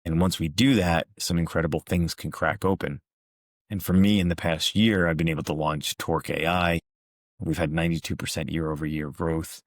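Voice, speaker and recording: A man with a very low, deep voice gives a reflective motivational talk. He tells his stories in a calm, measured, earnest way. The sound is close and dry, with no room echo. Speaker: motivational speaker and coach.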